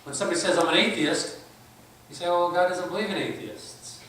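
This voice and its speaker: A man preaches with a bright, forceful voice, acting out both sides of his arguments with skeptics. He is heard from a distance in a very echoey church hall, with faint room noise behind him. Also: high-pitched, fairly quick. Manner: emphatic, acts out both sides of debates. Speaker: conference speaker. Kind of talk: sermon.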